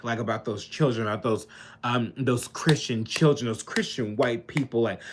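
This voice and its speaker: A man's voice: medium pitch, moderate pace, slight background noise. A man giving an angry, profane political rant, repeating himself and building into heated outbursts. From Kentucky, US. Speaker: political vlogger.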